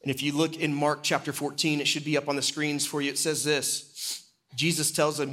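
A man, an executive pastor, preaching a sermon and retelling a story, dropping low and quiet at solemn moments. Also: level tone, moderate pace.

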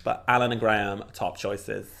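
A man's voice: fairly low pitch, level tone, moderate pace, vocal fry, pushed and bright. A man co-hosting a podcast, giving bold, playful opinions about a TV episode and laughing often. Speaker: podcast co-host. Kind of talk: casual chat reviewing a TV episode.

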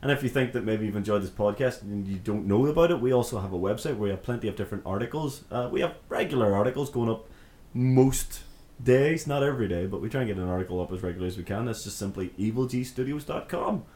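A man's voice: lowish voice, fast talker, darkish tone. A man co-hosting a podcast in casual, sweary chat, laughing often. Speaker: podcast co-host. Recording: roomy echo.

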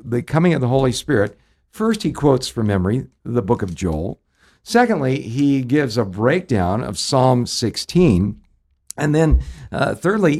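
A man with a gravelly edge to his voice, preaching with lively, animated delivery. He teaches from the Bible on a ministry radio show and jumps sharply upward in pitch whenever he acts out someone's words. His voice sits around a middle pitch. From United States. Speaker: pastor.

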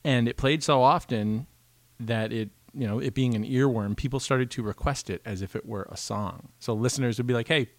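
A man co-hosting a podcast, talking casually and joking his way through tangents. His voice sits at an ordinary middle pitch. It is recorded close and dry, with no room sound. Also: moderate pace, no room sound. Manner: chatty, joking, rambling. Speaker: podcast co-host. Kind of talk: casual chat.

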